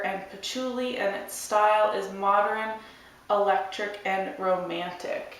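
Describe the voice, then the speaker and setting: Hoarse young woman vlogger, echoey room. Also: medium pitch, a bit bright. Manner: rambling, chatty. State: hoarse, losing her voice. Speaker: beauty vlogger. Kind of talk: casual chat to camera. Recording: echoey room, mic at a distance.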